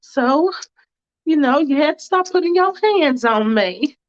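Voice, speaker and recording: A woman's voice: sits high, expressive, unhurried, dull audio, voice pushed up. Woman doing a bubbly, giggly churchgoing girl. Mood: firm. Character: cheerful churchgoing young woman, giggly and polite.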